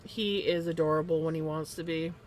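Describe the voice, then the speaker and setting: A woman chatting casually on a crafting livestream, laughing often and cooing softly at her pet. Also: deep voice, fairly even intonation, brisk, slight background noise. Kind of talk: casual chat.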